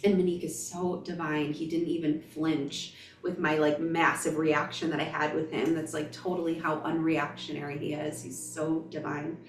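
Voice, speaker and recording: Woman in her thirties, spiritual storytelling, emphatic, gushing, low voice, roomy sound with faint music. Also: flat delivery, normal speed, recorded from a distance. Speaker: spiritual vlogger. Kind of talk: personal storytelling monologue.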